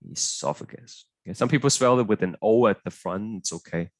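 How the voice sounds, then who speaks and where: A young man with a lowish voice talks a little fast, with no room sound, while teaching an online biology tutorial. He's chatty and hesitant, full of fillers, and keeps checking in with his students with "right?"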